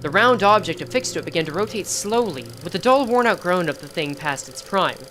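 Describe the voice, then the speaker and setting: A woman's voice: fairly low pitch, lively intonation, a little fast, fairly bright tone, soft background music. A woman streamer reading a game story aloud with chatty, reactive asides.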